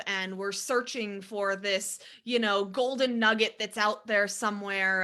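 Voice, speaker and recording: A woman's voice: mid-range voice, pushed and bright. A young adult woman co-hosting a podcast, talking earnestly and upbeat, explaining her ideas with everyday examples. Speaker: podcast co-host. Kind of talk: casual podcast chat.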